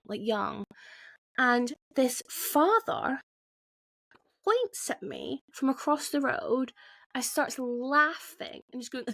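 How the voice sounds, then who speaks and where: A woman's voice: on the high side, creaky, fairly bright tone, no room sound. Woman doing a solo podcast, blunt and sweary, keeps restarting, dry close mic. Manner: frank, swears freely, many restarts. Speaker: podcast host. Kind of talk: candid solo podcast monologue.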